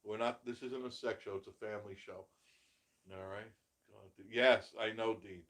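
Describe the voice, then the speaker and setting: A man's voice: fairly low pitch, steady tone, moderate pace, a bit bright. Opinionated man hosting a live chat. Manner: opinionated, emphatic, laughs often. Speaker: live show host. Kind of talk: casual live chat reading viewer comments.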